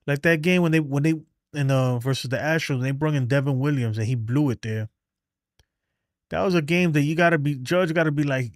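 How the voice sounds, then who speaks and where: A man's voice: fairly high pitch, brisk, dry recording, studio quality. A man hosting a live sports fan stream in loose, casual talk, sounding out of breath. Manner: loose and conversational, many "like" and "man". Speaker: sports fan show host.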